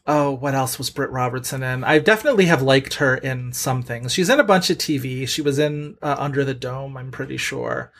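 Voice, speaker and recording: A man's voice: mid-range voice, fairly quick, hardly any pauses, fairly bright tone. A man co-hosting a podcast and running a movie quiz, chatty and full of fillers. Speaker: podcast co-host and quizmaster. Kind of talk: casual movie quiz chat.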